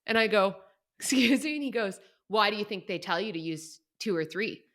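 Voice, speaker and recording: Quoting people and breaking into frequent laughter, a young adult woman spins an animated story during casual chat on the podcast she co-hosts. Her voice has a medium pitch and a moderate pace.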